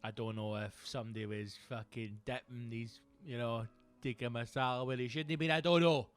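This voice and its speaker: Sweary Scottish comedian ranting. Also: male voice, medium pitch, a little fast, soft background music. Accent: Scottish, Glaswegian. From Scotland. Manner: animated, sweary, acts out characters. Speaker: comedian and podcast host. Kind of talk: profane comic monologue.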